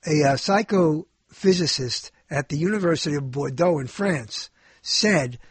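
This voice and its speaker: A man's voice: fairly high pitch, a little slow, breathy edge, no echo. A male show host talking in a casual, rambling monologue, joking and often stumbling and correcting himself.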